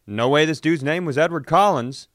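A man's voice: on the high side, normal speed, a bit bright, no room sound, studio quality. A man hosting a comedy podcast, telling a story casually and acting out the phone voices with laughs along the way.

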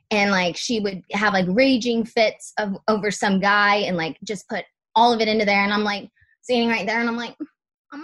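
A woman's voice: mid-range voice, a bit bright. A young adult woman speaking as a podcast guest in casual, candid chat, full of "like" fillers and the odd swear word.

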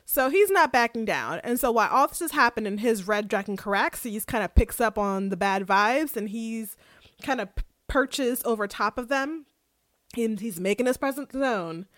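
Lively woman recapping a TV scene. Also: fairly high pitch, no room sound, studio quality. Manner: animated, quotes characters in lively voices, laughs often. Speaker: podcast co-host recapping an episode. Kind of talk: casual chat, retelling a scene.

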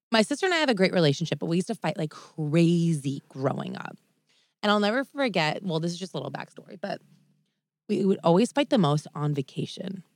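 A woman co-hosting a podcast, telling a story in an animated way with lots of "like" fillers. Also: lowish voice, fairly quick, dry recording, studio quality. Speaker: podcast co-host. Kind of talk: casual chat, storytelling.

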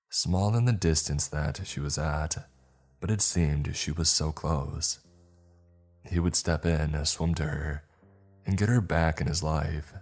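A man reading a horror story aloud in a slow, measured storytelling voice. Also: very deep voice, darkish tone, breathy edge. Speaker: narrator. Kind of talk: scripted horror narration.

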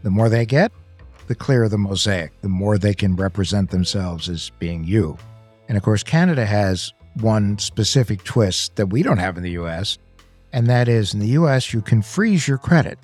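Husky man explaining calmly. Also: on the low side, moderate pace, soft background music. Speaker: podcast co-host. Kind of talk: casual chat.

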